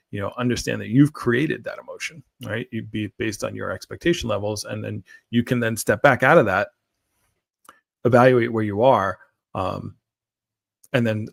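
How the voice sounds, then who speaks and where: A man with a gravelly, creaky voice, talking through a rambling solo monologue on his morning show. He circles back, stumbles over repeated words and keeps checking in with "right?". The sound is dry and close. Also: mid-range voice, no echo.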